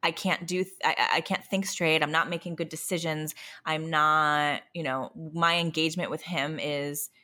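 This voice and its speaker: A young adult woman and parent of a toddler, exhausted, talking candidly in a halting, self-interrupting, emotionally raw way. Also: low voice, fairly even intonation, pushed and bright. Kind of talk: candid conversational chat.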